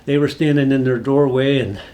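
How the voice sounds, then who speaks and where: A man's voice: medium pitch, steady tone, a little fast, warm tone. A man casually telling a rambling, folksy personal story, full of asides. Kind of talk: casual spoken anecdote.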